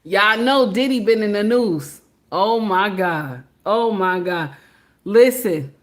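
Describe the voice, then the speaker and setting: A woman's voice: medium pitch, animated, takes it slowly. A woman vlogger giving casual commentary, chatty and repetitive, often breaking into laughter.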